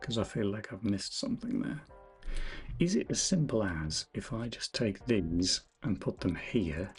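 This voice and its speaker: A man with a lowish, sing-song voice talks unhurriedly with a breathy edge over soft background music. He's live-streaming his game development, thinking aloud while he codes, correcting himself, and joking with viewers in a self-deprecating way.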